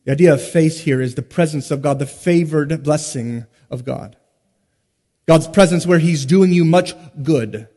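A man with a high-pitched voice preaches a sermon in a large sanctuary, and his words ring out with a long hall reverb. He swings between loud, emphatic stresses and hushed, slowed drops, often pausing on rhetorical questions. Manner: rhetorical questions and dramatic pauses. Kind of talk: expository sermon.

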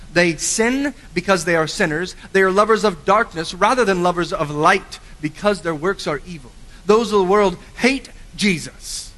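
A man preaching a sermon with earnest emphasis, swinging from forceful lines to quiet, low endings. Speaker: pastor. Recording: long hall reverb.

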